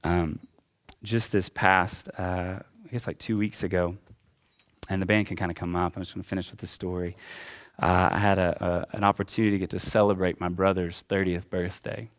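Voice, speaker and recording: A man's voice: low voice, level tone, normal speed. A young adult man preaching a sermon in a church, impassioned and building in waves, then easing into casual, chatty asides. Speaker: pastor. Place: church auditorium.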